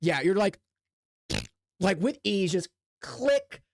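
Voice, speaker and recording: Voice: mid-range voice, expressive, slow pace, creaky, no room sound, clean studio sound. A game master narrating a tabletop game in a casual, rambling way full of fillers.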